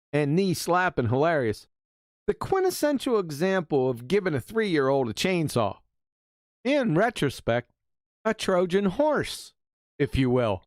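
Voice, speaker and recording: A man's voice: fairly high pitch, no echo, clean studio sound. A man hosting a talk stream, ranting in a mocking, insulting way. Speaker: host. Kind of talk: ranting monologue.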